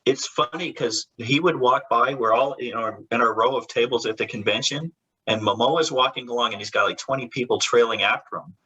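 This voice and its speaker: A man's voice: medium pitch, brisk, bright, forceful tone, slightly rough, dull audio. A man who works as a comic book artist, a guest in a casual interview. He tells rambling stories with many restarts and laughs, and briefly acts out the voices of the people in them.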